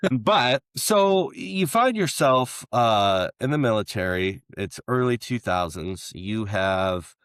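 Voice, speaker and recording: A man hosting a casual interview, talking in a rambling, animated way and laughing often. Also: on the low side, slow pace, hardly any pauses, clear, resonant tone, no echo, clean studio sound. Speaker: podcast host.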